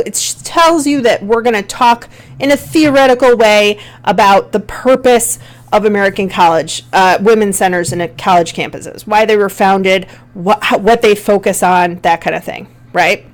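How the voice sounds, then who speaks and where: A woman from Buffalo with a Western New York accent, giving a conversational recorded college lecture on a play, with frequent fillers. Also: on the high side. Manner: conversational, many fillers, reads examples aloud. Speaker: college English teacher.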